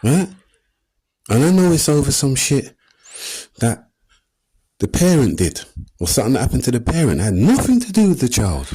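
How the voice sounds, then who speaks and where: A man in his thirties with an East London accent doing a stand-up comedy set, animated and streetwise, acting out little scenes. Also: mid-range voice, normal speed, pauses often, breathy edge, poor audio. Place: comedy stage before a live audience.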